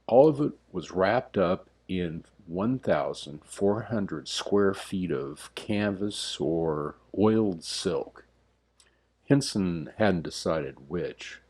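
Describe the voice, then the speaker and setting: A man's voice: sits low, expressive, takes it slowly, darkish tone, breathy edge. A man narrating a scripted comic history piece, with wry, dry asides.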